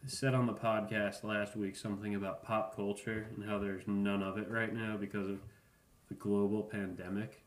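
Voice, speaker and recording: A man in his thirties with a fairly low voice hosts a podcast at normal speed, rambling through a casual comic monologue. His manner is deadpan and offhand, peppered with profane asides, and the room echoes.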